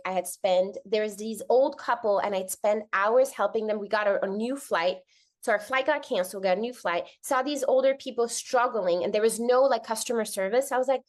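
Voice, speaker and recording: A woman with a somewhat high voice tells stories casually. She is animated, acts out the people she quotes, and swears freely. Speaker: guest. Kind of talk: casual conversational storytelling.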